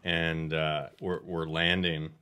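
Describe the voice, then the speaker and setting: Deep-voiced man telling a story. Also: slow pace, smooth. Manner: animated storyteller, swears freely. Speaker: podcast guest. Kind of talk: casual storytelling chat.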